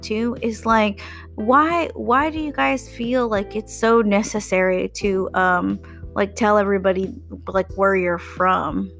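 A woman's voice: fairly high pitch, a bit bright. A young woman from Texas hosting a podcast, ranting about customers in a blunt, profane, sarcastic way. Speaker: podcast host. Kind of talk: casual rant.

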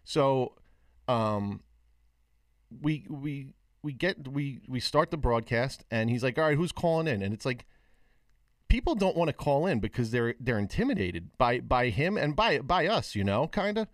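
A man's voice: mid-range voice, a little slow, no echo. Male podcast co-host, casual rambling talker, dry close sound, full of restarts. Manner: rambling, animated storytelling with many restarts. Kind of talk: casual chat on a video call.

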